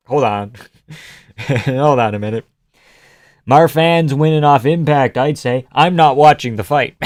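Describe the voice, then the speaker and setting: A man's voice: mid-range voice, a little mellow, smooth, dry recording, clean studio sound. A man casually reacting to fights on a live stream, chatting loosely with his viewers and swearing freely. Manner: loose, profane, chatty, greets chat by name.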